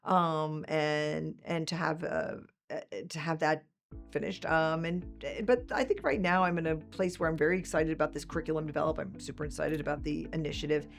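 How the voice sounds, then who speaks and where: Fast-talking woman in her sixties. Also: creaky, soft background music. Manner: animated storyteller, acts out quotes with big pitch jumps. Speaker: guest, management professor. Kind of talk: conversational interview.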